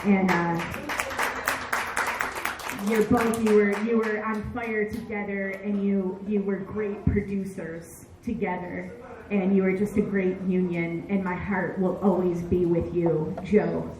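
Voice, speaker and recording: A woman comedian giving a halting, heartfelt tribute on stage. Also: mid-range voice, level tone, darkish tone. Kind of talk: tribute speech. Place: comedy bar stage with audience. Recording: echoey room with crowd.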